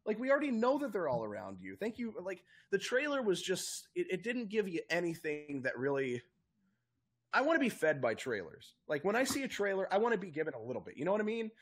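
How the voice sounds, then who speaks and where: A young man chats on a podcast, his husky voice leaping up and down as he rants with plenty of swearing. He sits a bit high for a man and never stays flat for long. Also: fast talker. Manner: excitable, profane ranting. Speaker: podcast co-host. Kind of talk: casual chat.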